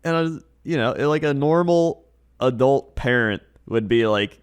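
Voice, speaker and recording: A man with a mid-range voice tells everyday anecdotes in a relaxed podcast chat. He slips into quick impressions of the people in his stories. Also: mid-range voice, clear, resonant tone. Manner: storytelling, mimicking people he describes. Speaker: podcast co-host. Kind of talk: casual chat.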